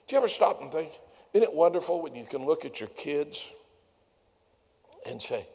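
Folksy preacher, gravelly, big hall. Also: male voice, a little high, lively intonation, moderate pace, long pauses, mellow. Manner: folksy, rising to fervent preaching. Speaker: pastor. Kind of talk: sermon. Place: church sanctuary. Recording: long hall reverb.

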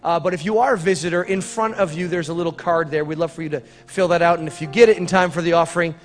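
A man's voice: a little high, fairly even intonation, fast talker. A man giving church announcements and leading a prayer in a chatty, rambling way with joking asides. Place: church sanctuary. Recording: reverberant church hall with faint music.

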